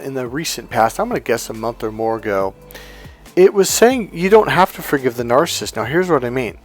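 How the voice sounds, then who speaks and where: Man, life coach, motivational monologue, mid pitch, blunt, emphatic, faint background music. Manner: forceful, blunt, swears for emphasis; acts out other people's lines in raised pitch.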